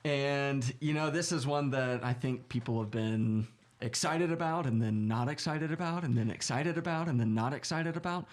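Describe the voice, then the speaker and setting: A man's voice: mid-range voice, normal speed. Upbeat, joking male podcast co-host. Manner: upbeat, joking, asks questions, swears casually. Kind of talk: casual chat.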